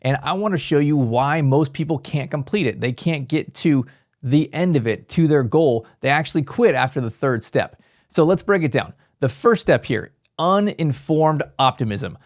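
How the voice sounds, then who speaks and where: A man hosting a business podcast, giving an energetic motivational talk and acting out the thoughts of his listeners. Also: a little high, normal speed. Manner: energetic, animated, acts out quoted voices.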